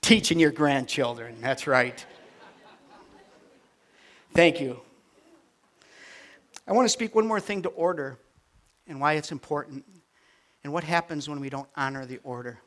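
An older man, a grandfather, preaching a sermon with animated swings from quiet asides to near-shouted peaks. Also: fairly high pitch, unhurried, pauses often. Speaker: pastor.

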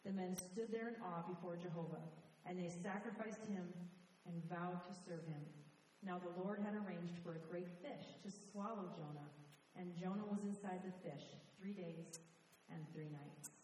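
A woman reading scripture aloud to a congregation with clear, measured delivery. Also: on the low side, fairly even intonation, darkish tone, slight background noise. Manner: clear, measured reading with dramatic emphasis on quotes. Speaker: scripture reader. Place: church sanctuary. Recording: echoey hall from far off.

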